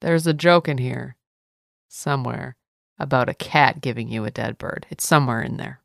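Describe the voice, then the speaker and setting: A woman's voice: rumbling low, moderate pace, gravelly, no echo, studio quality. A young adult woman hosting a comedy history podcast, telling the story with irreverent jokes and swearing. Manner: irreverent, jokey, swearing asides. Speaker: podcast host.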